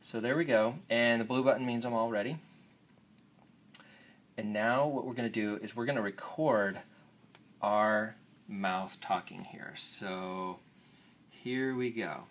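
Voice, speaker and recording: A man's voice: on the low side, unhurried, long pauses. A man giving an upbeat, informal, jokey walkthrough of a phone app. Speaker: app demonstrator. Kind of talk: casual app demo walkthrough.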